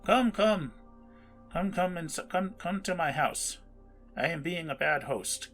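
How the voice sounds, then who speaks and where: A woman's voice: fairly low pitch, expressive, unhurried, faint music behind, voice pushed up. A man voicing an ancient, bent, withered village woman who welcomes strangers eagerly. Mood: welcoming.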